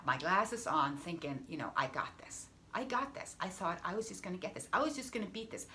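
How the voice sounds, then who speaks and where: Woman, health coach, personal storytelling, emphatic, repeats phrases, faint background noise. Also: medium pitch. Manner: emphatic, repeating phrases, dropping to a hush for effect.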